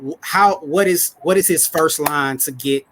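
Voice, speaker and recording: A man's voice: on the high side, unhurried, noisy background. A man speaking as a panelist in casual podcast chat, laid-back and slangy, leaning often on "you know what I'm saying".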